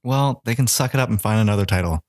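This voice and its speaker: A man co-hosting a podcast in casual chat, making quick quips and laughing a lot. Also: lowish voice. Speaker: podcast co-host. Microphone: studio mic.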